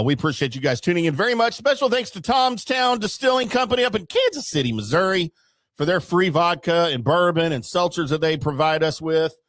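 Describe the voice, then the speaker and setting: A man's voice: medium pitch, no echo, studio quality. A man co-hosting a casual sports talk show, joking around and wrapping up the episode with sponsor reads. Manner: jokey, talks with his mouth full. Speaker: podcast co-host.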